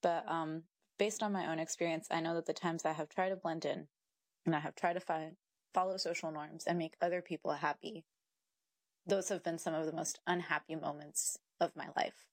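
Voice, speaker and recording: Lively young woman, low-pitched and laughing. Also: moderate pace, no room sound, studio quality. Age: young adult. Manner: animated storyteller who laughs often and acts out her own thoughts. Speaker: podcast guest. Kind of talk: casual conversational interview.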